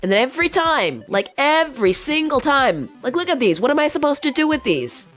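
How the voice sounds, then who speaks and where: A woman streamer chatting casually and playfully with her viewers, her voice hoarse from being sick. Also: high-pitched, very animated, a bit bright, faint music behind. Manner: playful, quick banter with chat. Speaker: virtual streamer. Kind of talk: casual livestream chat.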